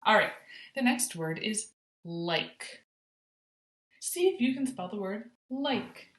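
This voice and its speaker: A woman teaching a phonics lesson to young children, sounding out letters slowly and praising often. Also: mid-range voice, expressive, a bit bright, reverberant. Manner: encouraging, sing-song praise, slow sounding out of letters. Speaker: kindergarten teacher.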